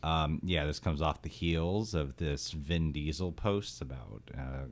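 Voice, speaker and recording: A man's voice: very deep voice, a little slow. A man hosting a casual movie podcast, talking loosely with restarts and frequent laughter. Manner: laughs often, rambling with restarts. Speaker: podcast host.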